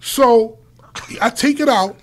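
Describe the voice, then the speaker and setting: A man's voice: very high-pitched, slow pace. A man who worked in radio tells a story in casual chat, swearing freely and acting out the people in it. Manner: lively, profane, acts out voices while telling the story. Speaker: former radio DJ telling a story.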